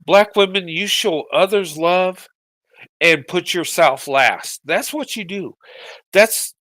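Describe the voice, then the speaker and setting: Tearful middle-aged man, high voice. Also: a bit bright, no echo. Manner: halting, repeats words, voice breaking with emotion. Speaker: vlogger. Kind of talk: emotional personal monologue.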